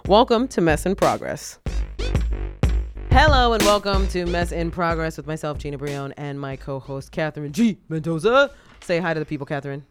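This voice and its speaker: A woman's voice: low-pitched, animated, normal speed, soft background music. A woman hosting a podcast in casual chat, teasing her guests and laughing often as she talks. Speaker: podcast host.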